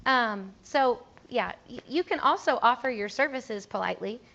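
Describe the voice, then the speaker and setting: A young woman music teacher talks casually to a room of fellow teachers. Her voice sits a little high, and she chats along, laughing often and slipping into voices for the people she quotes. The recording is dull and lo-fi. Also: normal speed, creaky, fairly bright tone. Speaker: music teacher speaking at a conference session. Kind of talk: casual conference talk with anecdotes.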